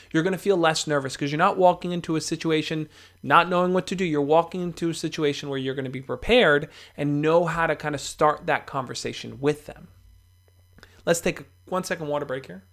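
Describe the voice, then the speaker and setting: A man's voice: a little high, brisk, fairly bright tone. A young man hosting a livestream, giving casual, encouraging advice straight to his viewers, with fillers and restarts.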